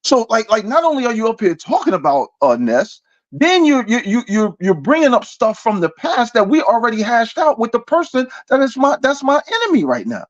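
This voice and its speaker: Excitable man on a muffled mic. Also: very high-pitched, a little fast, no echo. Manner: excitable, repeats himself, says bro a lot. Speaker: co-host. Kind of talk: casual commentary chat.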